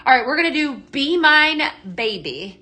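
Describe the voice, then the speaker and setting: A woman's voice: sits high, very animated, moderate pace, pushed and bright, soft background music. A chatty woman hosting a casual live-stream product demo, a little out of breath, reading viewer comments aloud as she talks. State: a bit out of breath. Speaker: home fragrance seller hosting a live stream.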